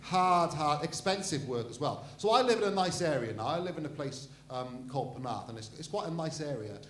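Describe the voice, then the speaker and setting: A man's voice: a little high, expressive, brisk, fairly bright tone, slight background noise. Cheeky man hosting stand-up. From Wales. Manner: cheeky, crude banter with the audience. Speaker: comedy host. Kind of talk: stand-up comedy with crowd work. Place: comedy night in a pizzeria. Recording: echoey room.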